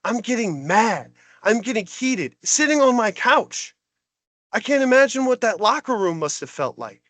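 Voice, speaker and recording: A man's voice: high voice, no echo. A man co-hosting a podcast, delivering a heated, exasperated sports rant. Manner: exasperated, animated ranting. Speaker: podcast co-host.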